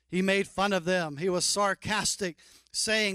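Guy preaching a sermon, kinda high voice, dry close sound, jokey and animated. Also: normal speed, smooth, dry recording. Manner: animated, joking, mock-incredulous asides. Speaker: pastor.

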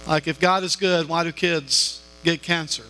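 A man's voice: a little high, fairly even intonation, a little slow, bright, forceful tone, faint music behind, poor audio. A man preaching a sermon in a conversational way, with many fillers and restarts. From northern Alabama.

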